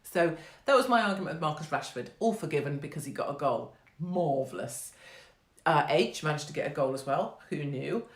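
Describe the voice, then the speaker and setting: A woman's voice: low-pitched, lively intonation, normal speed. An English woman hosting her own online show, talking in a casual monologue and keeping up a brash, sarcastic, profane patter, laughing at her own jokes. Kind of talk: casual monologue on a live stream. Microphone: phone microphone. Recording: roomy echo.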